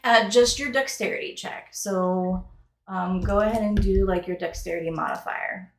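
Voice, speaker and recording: A woman's voice: medium pitch, moderate pace, gravelly. A woman narrating as game master in a loose, rambling, casual storytelling manner with some swearing, recorded in an echoey room.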